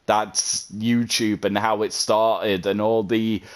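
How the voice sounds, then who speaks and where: A man's voice: fairly low pitch, little pitch movement, takes it slowly. A man, a content creator, talking earnestly and at length in a vlog, often repeating himself. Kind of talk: heartfelt vlog monologue.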